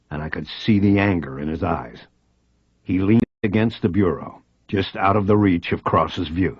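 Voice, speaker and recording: Deep low voice, husky, man narrating an audiobook, dry dull lo-fi recording. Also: no echo. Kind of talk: scripted first-person narration.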